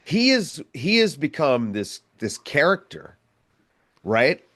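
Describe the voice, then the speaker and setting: A man's voice: a little high, very animated, takes it slowly, fairly bright tone, dry recording, clean studio sound. A man co-hosting a sports podcast, talking in a laid-back, hesitant way with lots of fillers. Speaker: podcast co-host. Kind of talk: casual sports chat.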